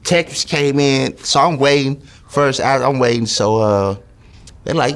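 A man's voice: medium pitch, animated, moderate pace. A man telling a jail story in an interview, swearing freely and acting out the voices of guards and inmates. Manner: swearing, acts out voices in quotes. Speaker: interview guest. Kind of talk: animated storytelling.

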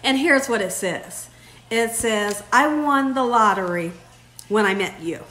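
A woman vlogger talks in a casual, chatty way and speaks straight to her viewers. Her voice sits a little high, and she takes her time, unhurried. Her manner is warm and effusive. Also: animated. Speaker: vlog host. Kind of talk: casual vlog chat.

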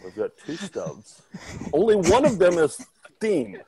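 A man co-hosting a comedy video podcast in casual chat, with jokey, self-mocking, deadpan patter. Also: high voice, a little slow, poor audio. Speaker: podcast co-host.

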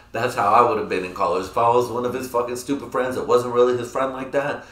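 A young man with a mid-range, steady, slightly bright voice hosts a solo podcast at a brisk pace. He rambles crudely through a casual rant and laughs at his own jokes. It's recorded on a computer mic in an echoey room.

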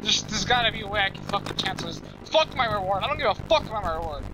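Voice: mid-range voice, lively intonation, noisy background. A gameplay channel host giving casual let's-play commentary, talking straight to viewers and swearing freely when exasperated. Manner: profane, quickly exasperated, talks to viewers.

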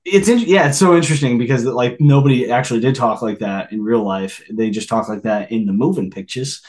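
A man's voice: medium pitch, fairly quick, a little mellow. A man co-hosting a podcast in casual chat, rambling with many restarts. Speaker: podcast co-host.

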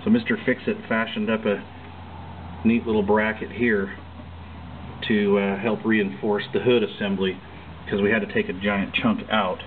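Guy showing off his home mechanic work, lowish voice, lots of uh's, tinny phone-like sound. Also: moderate pace, slight background noise. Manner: relaxed, hesitant, many fillers. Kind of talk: casual walkthrough demo. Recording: tinny phone-like camcorder audio.

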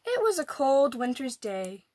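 Animated woman reading a picture book. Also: high voice, unhurried. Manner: animated, expressive. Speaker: storyteller. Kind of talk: picture-book read-aloud.

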